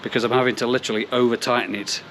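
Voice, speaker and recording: Racing through his words with a flat delivery, the middle-aged koi pond host speaks at medium pitch in a fairly bright tone. His casual outdoor pond vlog rambles and digresses, full of jokes at his own expense, with slight noise in the background.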